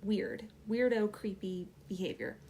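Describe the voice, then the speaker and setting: A woman's voice: medium pitch, expressive, measured pace, darkish tone, slight background noise. A young adult woman, a channel host, telling a personal story casually with many fillers.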